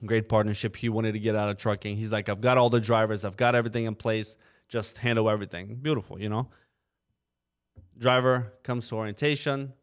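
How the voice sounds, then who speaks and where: A trucking company co-owner tells animated stories in casual podcast talk, acting out what his drivers said and saying "you know" a lot. His voice is lowish and a little fast, recorded on a podcast microphone.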